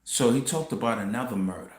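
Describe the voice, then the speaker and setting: A man hosting a casual commentary monologue, telling a story in an animated way, laughing and swearing as he goes. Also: mid-range voice, fast, roomy sound. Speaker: commentary host.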